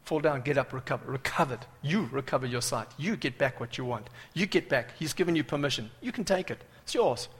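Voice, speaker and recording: A man preaching a sermon with dramatic swings from loud cries to hushed asides. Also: medium pitch, animated, fairly quick, few pauses, slightly rough. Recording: reverberant hall.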